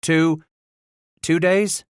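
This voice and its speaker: A man's voice: on the high side, level tone, extremely slow, clear, resonant tone, no room sound, studio quality, voice pushed up. A man voicing a hungry, shy runaway boy who stammers eagerly. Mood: earnest.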